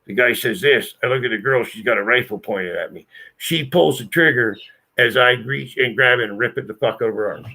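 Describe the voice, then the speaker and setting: A man's voice: medium pitch, fairly quick, gravelly, pushed and bright. A man telling a story to friends in a blunt, profane, emphatic way. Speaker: channel host telling a story. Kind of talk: casual storytelling.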